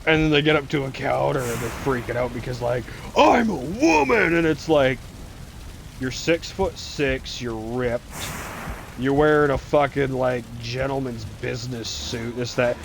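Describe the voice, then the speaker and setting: Male game streamer, casual rambling storyteller, heavy profanity, frequent laughter, mid pitch. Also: fairly even intonation, normal speed, vocal fry, a little hiss or hum. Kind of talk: casual storytelling while gaming.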